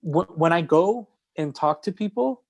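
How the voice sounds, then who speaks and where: Male podcast guest, slightly high voice, earnest, repeats and restarts phrases. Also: expressive, measured pace, gravelly. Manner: earnest and repetitive, restarting phrases, building to points. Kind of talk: casual podcast conversation.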